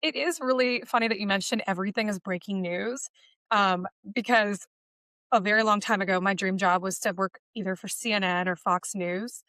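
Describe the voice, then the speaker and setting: Bright, chatty woman podcast guest. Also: mid-range voice, normal speed, no echo, clean studio sound. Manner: chatty, storytelling, quotes people in voices. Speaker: podcast guest, automotive media personality. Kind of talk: casual podcast conversation.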